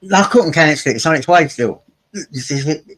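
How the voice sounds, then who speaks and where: A man's voice: on the high side, lively intonation, brisk, fairly bright tone, breathy edge. A man with a Cockney accent from East London, a guest in a casual live stream chat, speaking firmly and plainly.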